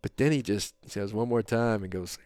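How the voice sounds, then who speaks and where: A middle-aged man hosting a podcast, telling a long story in a rambling, animated way with lots of fillers. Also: lowish voice, moderate pace, smooth, no echo, studio quality. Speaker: podcast host. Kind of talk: casual storytelling chat.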